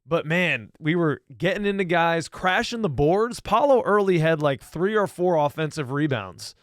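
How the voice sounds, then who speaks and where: A man co-hosting a casual sports podcast, talking as an enthusiastic, excited fan. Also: a little high, normal speed, no echo, clean studio sound. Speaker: podcast co-host.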